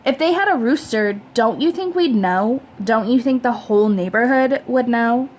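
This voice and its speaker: A woman reading a storybook aloud, voicing a sulky, sharp-tongued teenage girl who talks in a snappy, scornful way. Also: fairly high pitch, lively intonation, moderate pace, slight background noise, close to an everyday voice.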